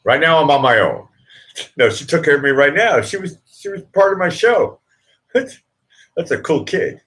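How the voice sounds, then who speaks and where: A man's voice: fairly high pitch, lively intonation, a little slow, a bit bright. A middle-aged man hosting a casual live stream, chatting with viewers in a rambling, self-interrupting way and chuckling at his own jokes. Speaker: livestream host.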